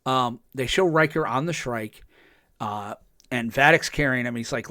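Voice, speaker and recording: A man's voice: medium pitch, normal speed, sharp tone, dry recording, studio quality. A man co-hosting a podcast, casually recapping a TV episode with lots of fillers and enthusiasm. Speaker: podcast co-host.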